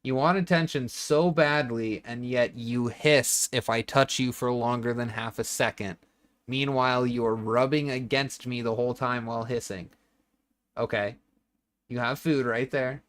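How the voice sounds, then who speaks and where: A young man streams from home into a desk microphone, his voice sitting at an everyday middle pitch. He rambles bluntly, swears often and talks straight to his chat. He chats casually while he builds. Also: steady tone, unhurried, fairly bright tone, no room sound. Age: young adult.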